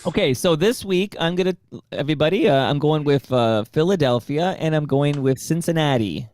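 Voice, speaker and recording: A man's voice: fairly high pitch, moderate pace, a little mellow, dry recording. A man co-hosting a sports podcast, laid-back and agreeable in casual chat. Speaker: podcast co-host.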